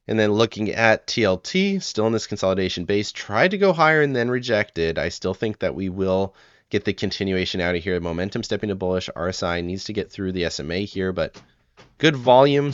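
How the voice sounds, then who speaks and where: Low smooth-voiced man calling chart levels. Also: fairly bright tone, dry recording, lo-fi sound. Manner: brisk clipped run-through of chart points. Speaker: channel host, market analyst. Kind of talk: weekly market analysis voice-over.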